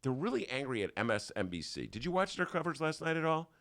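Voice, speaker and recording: An older man, hosting a talk show, spins a comic monologue in a rough, gravelly voice. His pitch leaps up and down as he acts out the people in his stories. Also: fast. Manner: animated storytelling with put-on voices. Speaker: podcast host. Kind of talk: casual comedic monologue.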